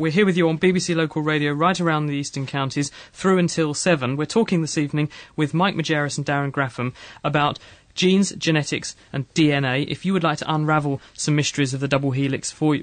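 Quick, jokey male host of a live call-in science show, dry studio sound. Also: a little high, dry recording. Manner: brisk, chatty, jokey. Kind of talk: live radio chat.

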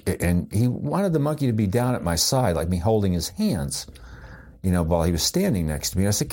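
A deep-voiced older man spins a rambling, amused personal story, full of restarts and fillers. His husky tone is dark and mellow, and his pitch leaps up and down as he tells it. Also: fairly quick. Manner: amused, lively retelling. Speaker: psychologist.

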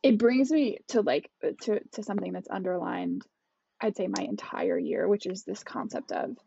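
A woman's voice: medium pitch, moderate pace, gravelly, warm tone, slight background noise. A woman podcast co-host and culture expert chatting candidly, reflecting on herself and restarting her sentences. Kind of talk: casual podcast chat. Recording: dull, lo-fi dry sound.

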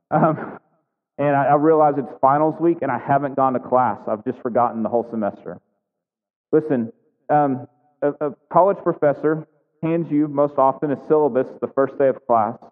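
Guy preaching a sermon, kinda high voice, chatty, lots of right? to the crowd, tinny phone-ish sound with long hall echo. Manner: conversational, asks the congregation questions. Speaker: pastor.

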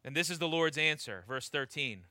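A man's voice: on the high side, animated, normal speed, sharp tone, no echo. A man preaching a sermon. He reads scripture aloud and drags out the key words for emphasis.

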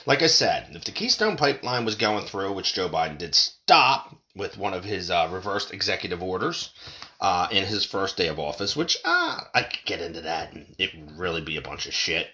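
Man, American, angry profane rant, lively swinging pitch, bright edgy tone. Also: normal speed. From United States. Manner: fired-up, ranting, heavy swearing.

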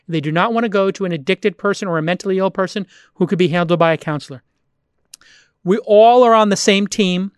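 A man's voice: sits high, no room sound, clean studio sound. A middle-aged American man on a podcast, ranting in a heated, profane, emphatic way. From United States. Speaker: podcast guest.

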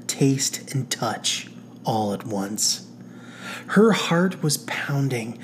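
A woman's voice: rumbling low, slight background noise. A woman host giving a dry, wry comic reading of her own romance story.

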